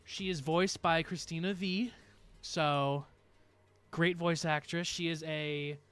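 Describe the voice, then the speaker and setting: A man's voice: on the high side, fairly bright tone, clear, resonant tone. Chatty streamer man, rambling. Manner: rambling, chatty, laughs often. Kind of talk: casual chat with stream viewers.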